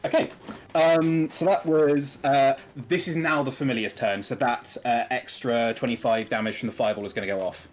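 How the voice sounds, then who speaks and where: A man narrating as game master of a tabletop game, talking with many pauses and fillers. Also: medium pitch, fairly even intonation. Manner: hesitant, many ums and uhs.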